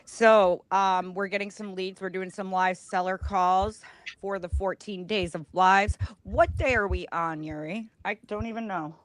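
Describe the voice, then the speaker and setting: A woman's voice: medium pitch, fairly even intonation, a little slow. Female co-host, playful and joking, casual live-stream banter, mid-range voice.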